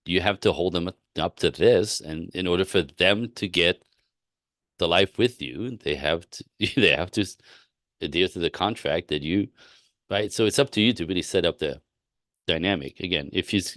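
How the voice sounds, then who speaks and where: A man's voice: sits low, a bit bright, no room sound, studio quality. A man coaching women on relationships in a live-stream talk, blunt and emphatic, often repeating himself and acting out both sides of conversations. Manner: acts out both sides of dialogue.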